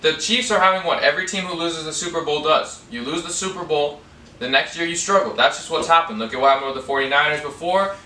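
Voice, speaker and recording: A man's voice: a little high, fast talker, bright, forceful tone. A man co-hosting a sports betting podcast in casual chat, cracking jokes through the banter. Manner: joking, playful banter. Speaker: podcast co-host. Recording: echoey room, distant mic, faint hiss.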